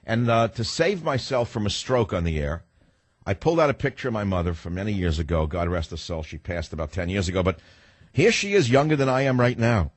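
A man's voice: lowish voice, very animated, a little fast, husky, no echo. An older man in his sixties hosting a talk radio show, delivering a combative, ranting monologue that turns reflective at times. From United States.

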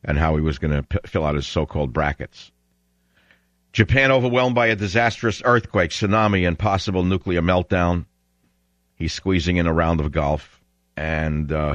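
A man's voice: extremely low pitch, no room sound, dull audio. Sarcastic combative male radio host. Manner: sarcastic, confrontational, mocking. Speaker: radio talk show host. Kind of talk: combative call-in talk radio.

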